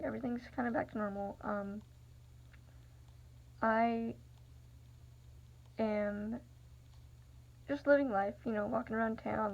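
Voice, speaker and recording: A woman's voice: fairly high pitch, creaky. A young adult woman telling a personal story in a rambling, confiding way, full of fillers. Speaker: vlogger. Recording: dull lo-fi recording.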